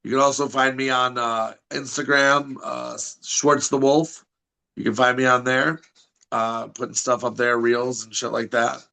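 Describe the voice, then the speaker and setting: A man's voice: mid-range voice, little pitch movement, measured pace, creaky, bright, forceful tone, low-quality recording. A man chatting as a podcast guest, brash and swearing, talking up his wrestling events while losing his voice. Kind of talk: casual chat.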